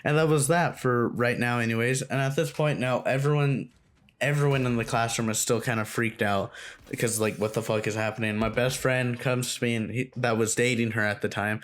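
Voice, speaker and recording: A young man recounts a school story in a loose, rambling way. His talk is casual and full of fillers and swearing, and his voice sits at an ordinary mid pitch for a man. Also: steady tone, a little fast. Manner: rambling, profane, filler-heavy. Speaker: storytime vlogger.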